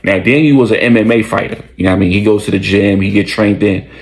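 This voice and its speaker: Gravelly, lowish male voice, casual slangy storyteller. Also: fast, a little hiss or hum, rough recording. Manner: slangy, conversational, animated retelling.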